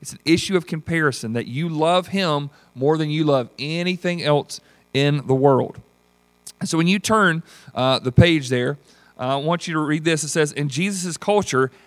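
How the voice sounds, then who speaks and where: A man, leading a Bible study as pastor in a folksy, animated teaching style and acting out voices. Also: on the high side, normal speed, no room sound. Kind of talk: teaching sermon with group discussion.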